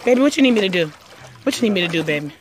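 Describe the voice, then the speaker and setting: A woman filming her partner fishing, loudly exclaiming and cursing in casual chat. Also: mid-range voice, animated, racing, slight background noise.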